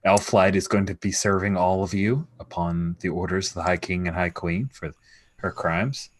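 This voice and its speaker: A man narrating as game master of a tabletop game, relaxed and hesitant. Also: sits low, moderate pace.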